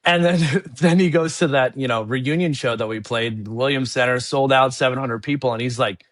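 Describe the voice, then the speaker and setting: A man's voice: mid-range voice, normal speed, no room sound, studio quality. A man in his thirties from New Jersey, a guest musician talking reflectively and easily in an interview, often saying "you know". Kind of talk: casual interview chat.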